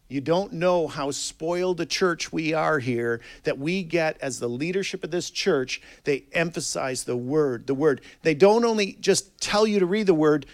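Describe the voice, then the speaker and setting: A male preacher with a slightly high, gravelly voice delivers a sermon. He talks earnestly and reads scripture aloud, dropping low and quiet, then rising to loud emphasis.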